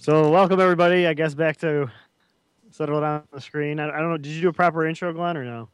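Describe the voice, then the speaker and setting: A man's voice: a little high, steady tone, fast, clean tone, no room sound. Rambling man hosting a gaming podcast. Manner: loose, rambling intros with fillers. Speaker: podcast host. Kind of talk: casual podcast chat.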